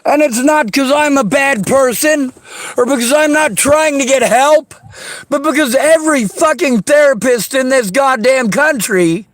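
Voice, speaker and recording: A man venting in an angry, profane rant, often shouting and swearing hard. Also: very high voice, a little slow, no echo. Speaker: vlogger.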